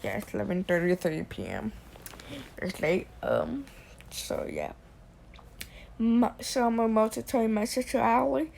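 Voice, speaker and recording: A woman with a high-ish, gravelly voice rambles slowly through a late-night bedroom vlog. She repeats herself, swings from loud ranting to soft near-whispers, and a faint hiss sits behind her. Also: animated. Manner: rambling, repetitive, drifting between loud rants and quiet near-whispers. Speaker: vlogger.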